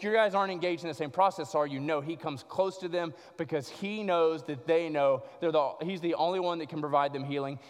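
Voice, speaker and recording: Dramatic preacher in an echoing hall. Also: male voice, sits high, smooth. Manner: dramatic, swings from loud to hushed. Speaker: pastor. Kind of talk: sermon.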